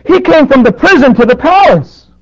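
A man preaching a sermon, surging loud on his points and dropping to near quiet, with dynamic swings in force. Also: very high-pitched, expressive, normal speed, no room sound. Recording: dull dry lo-fi recording.

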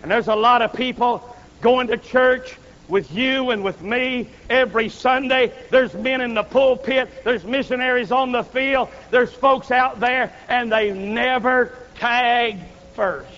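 Male revival preacher, very high-pitched and passionate, heard through a dull, reverberant recording. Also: fairly even intonation, a little slow. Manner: impassioned storytelling preacher, rising to loud peaks. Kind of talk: revival sermon. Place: revival meeting tent.

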